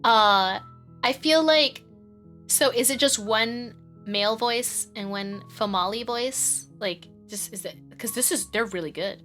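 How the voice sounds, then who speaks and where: A woman streamer with a bright, slightly high voice chats casually as she plays. She rambles, giggles often and swears freely. Faint game music sits underneath. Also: unhurried. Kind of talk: casual live-stream chat.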